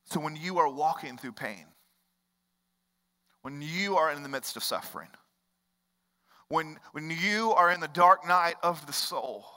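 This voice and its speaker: A man preaching a sermon as pastor, moving from hushed storytelling to impassioned, rising preaching with repetitive rhetorical cadence. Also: a little high, measured pace, pauses often. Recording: long hall reverb.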